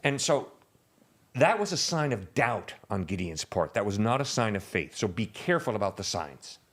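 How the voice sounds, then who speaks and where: A man on a casual podcast, explaining his points step by step in an animated way. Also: fairly low pitch, moderate pace.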